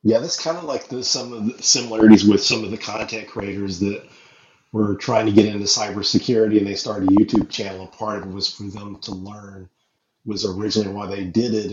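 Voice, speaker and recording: A man's voice: fairly low pitch, fairly even intonation, brisk. A man hosting a podcast, chatting in an easygoing, agreeable, reflective way. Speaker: podcast host. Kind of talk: casual chat. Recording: dull roomy sound with faint noise.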